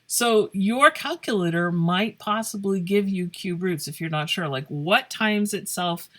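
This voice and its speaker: Recorded with a phone camera over paper, a woman works through math problems out loud in a casual classroom lesson, keeping it playful and jokey. Her voice is mid-range and unhurried.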